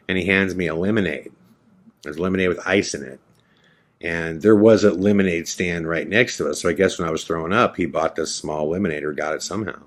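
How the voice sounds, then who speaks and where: A man with a deep, low voice hosts a podcast, telling his own story casually. He jumps between narration and quoted dialogue, acting out both speakers as he goes. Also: fast talker. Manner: animated retelling, acts out both sides of dialogue. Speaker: podcast host. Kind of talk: casual first-person storytelling.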